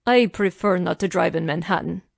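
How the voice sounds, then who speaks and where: A woman reading a commanding billionaire man in his thirties, protective and insistent, his lines pitched low and steady in a dry, close audiobook recording. He speaks calmly and firmly. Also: normal speed, vocal fry, no room sound.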